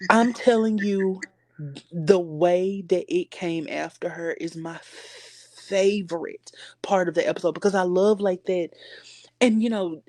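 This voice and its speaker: A woman in casual, animated chat on a live stream, teasing and repeating words for emphasis. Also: on the low side, unhurried, no room sound. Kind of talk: casual chat about a TV show.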